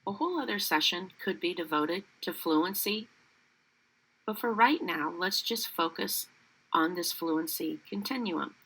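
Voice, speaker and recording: A woman literacy educator giving scripted training narration in a steady, explanatory way. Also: fairly low pitch, unhurried, husky, poor audio.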